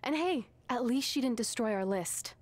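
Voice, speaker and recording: A woman's voice: fairly high pitch, lively intonation, normal speed. Hot-headed teen girl wrestler Red. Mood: calm. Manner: brash and threatening. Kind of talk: video game cutscene acting.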